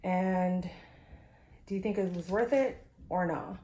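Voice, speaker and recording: A woman's voice: lowish voice, takes it slowly, dark tone. A woman in her forties chatting casually at home for her vlog, rambling with lots of restarts and fillers. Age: 40s. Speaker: vlogger.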